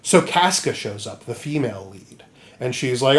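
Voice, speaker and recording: A man co-hosting a comedy podcast, retelling a story with lively jokes and goofy voices. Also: medium pitch, normal speed. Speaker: podcast co-host. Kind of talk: comedic casual chat.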